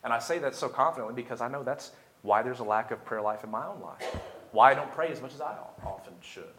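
A man's voice: mid-range voice, fast talker, fairly bright tone, slight background noise. A young man preaching a sermon, building to emphatic, repeated climaxes. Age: young adult. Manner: preaching with rising intensity and emphatic repetition. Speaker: pastor. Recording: echoey room.

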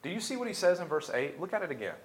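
A man's voice: on the high side, sing-song, rapid-fire. Young man preaching in an echoey room. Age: young adult. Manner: preaching with rising intensity and emphatic repetition. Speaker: pastor. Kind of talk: sermon.

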